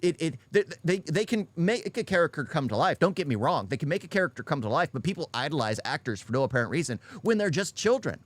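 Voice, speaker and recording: A man's voice: on the high side, very animated, fast talker, few pauses, no room sound. A man ranting in an unscripted reaction video, blunt and often repeating his points. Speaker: YouTube reaction commentator.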